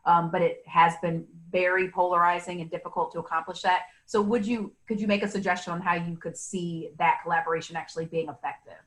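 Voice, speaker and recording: Female moderator, lowish voice, encouraging, careful with her questions. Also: steady tone, brisk, hardly any pauses, low-quality recording. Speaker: forum moderator. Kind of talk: moderating a candidate forum.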